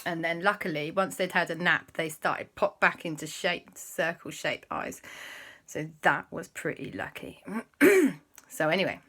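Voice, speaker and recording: A woman spins an improvised children's story with a playful, chatty manner. She talks slowly, and her voice is bright and forceful. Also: on the low side, lively intonation.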